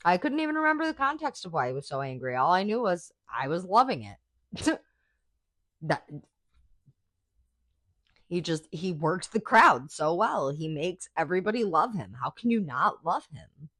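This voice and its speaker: A woman's voice: low voice, sing-song, a little slow, long pauses, fairly bright tone, no room sound, clean studio sound. A woman hosting a podcast in casual, profane, enthusiastic chat, full of "like"s. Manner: chatty, profane, enthusiastic fan talk with many "like"s. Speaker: podcast host.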